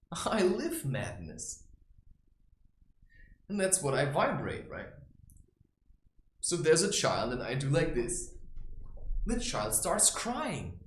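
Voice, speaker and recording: A blunt, profane man rambles through a spiritual monologue in a fairly high voice that swoops up and down. His talk is heard in an echoey room with faint ambient noise behind him. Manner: blunt and profane, with frequent "right?" and "you know". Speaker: creator sharing spiritual advice. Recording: roomy echo with faint ambience.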